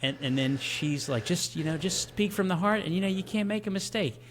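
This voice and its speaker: A man co-hosting a podcast in casual movie chat, animated and telling movie scenes in quick bursts. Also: high voice, slight background noise. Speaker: podcast co-host.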